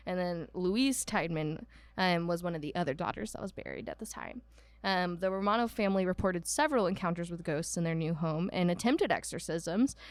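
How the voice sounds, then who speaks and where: A woman from Ohio, United States, co-hosts a podcast and tells a ghost story in relaxed conversation. Her voice is lowish and recorded with no room sound, and she's chatty, says um a lot, and laughs at herself.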